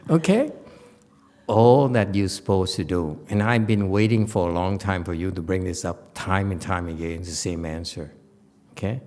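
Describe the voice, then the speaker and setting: In a meditation center hall, a male Buddhist teacher gives an informal Dharma lecture, speaking bluntly and scolding, repeating words for emphasis. His voice is low and darkish, and he's unhurried.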